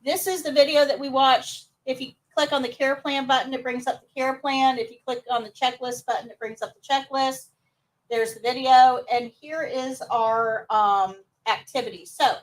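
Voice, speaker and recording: High-voiced lady teaching a live class, upbeat, sounds a bit far off. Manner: upbeat, coaxing students to answer. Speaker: nursing assistant instructor.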